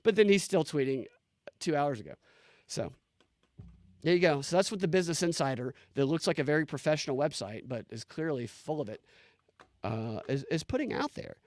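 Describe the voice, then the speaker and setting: An incredulous man hosts a casual commentary show, his voice a touch higher than most men's. He speaks in animated bursts, restarting phrases as he reads posts aloud. The sound is dry and close to the microphone. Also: fairly quick, dry recording. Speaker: political commentary show host.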